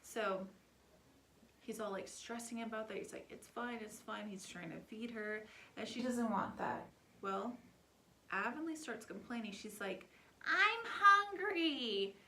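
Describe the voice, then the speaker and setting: A woman's voice: medium pitch, a little slow, fairly bright tone, a little hiss or hum. A young adult woman telling a family story in a casual, chatty vlog style, full of filler words. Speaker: vlogger.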